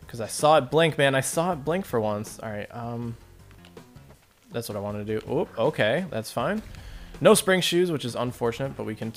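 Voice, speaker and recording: A man's voice: medium pitch, expressive, moderate pace, faint music behind. A man rambling through casual gameplay commentary, talking to his viewers and joking at his own expense. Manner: rambling, self-deprecating, talks to viewers. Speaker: let's play commentator.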